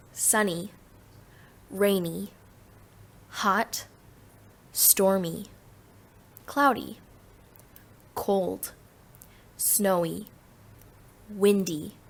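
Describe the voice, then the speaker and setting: A woman reading flashcard words one at a time with clear pauses, as a pronunciation guide for young learners. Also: mid-range voice. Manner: slow, careful, one word at a time with pauses.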